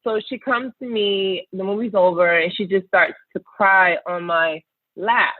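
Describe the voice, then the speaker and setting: A woman's voice: medium pitch, measured pace, no echo. Earnest woman on a tinny line. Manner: earnest, reflective, searching for words. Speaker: podcast guest, entrepreneur. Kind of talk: personal storytelling in conversation. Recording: tinny phone-like line, dry.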